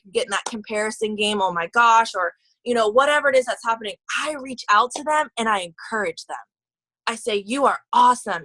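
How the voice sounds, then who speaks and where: A woman's voice: on the high side, bright, forceful tone, dry recording, poor audio. A woman leading a motivational team call, chatty and gushing, with lots of fillers and restarts. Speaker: team leader.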